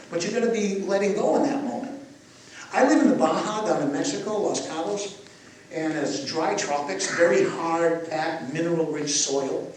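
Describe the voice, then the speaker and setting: An older man teaching breathing to a live audience, animated as he guides them through each breath. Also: high-pitched, a little hiss or hum. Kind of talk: live workshop talk to an audience. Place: live event venue. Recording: echoey event space, mic from far off.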